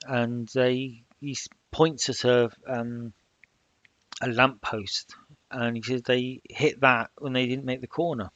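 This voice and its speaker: Slow, halting man narrating a solo game. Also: medium pitch, steady tone, a bit bright, no room sound, highs cut off. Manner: halting, with many fillers. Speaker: solo tabletop game player. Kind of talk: solo role-play narration.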